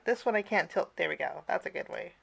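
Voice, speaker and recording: A woman's voice: on the low side, quick pace, vocal fry, breathy edge. A woman teaching a casual cardmaking tutorial, chatty, with personal asides and frequent fillers.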